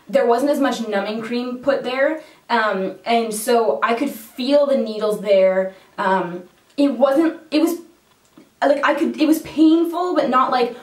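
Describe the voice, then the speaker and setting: Brief: woman vlogger, fairly high voice, foul-mouthed and theatrical, recorded from a bit away in a roomy space. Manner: swears freely, laughs often, dramatic retelling. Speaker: makeup vlogger. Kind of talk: casual storytelling to camera. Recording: roomy echo, mic at a distance.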